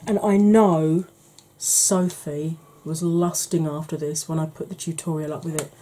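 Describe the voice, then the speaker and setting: A woman chatting casually as a beauty vlogger, easygoing and quick to laugh, with the odd mild swear. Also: sits low, steady tone, warm tone. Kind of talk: casual makeup declutter chat.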